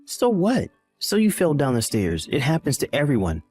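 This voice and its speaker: A man's voice: mid-range voice, big pitch swings, fairly quick, darkish tone, soft background music. A man playing a callous young husband in a dramatized text-message story, exasperated and blaming. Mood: dismissive.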